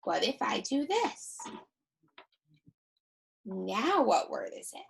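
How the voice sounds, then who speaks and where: A woman teacher giving a recorded phonics lesson for children, sounding out vowels slowly and repeating each one with emphasis. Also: a little high, very animated, gravelly, a little hiss or hum.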